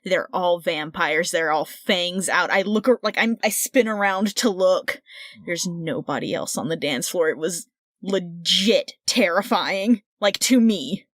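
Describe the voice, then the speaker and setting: A woman co-hosting a podcast, telling a story in an excited, laughing way with quick restarts. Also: on the low side, no echo, studio quality. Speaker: podcast co-host. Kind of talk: casual storytelling chat.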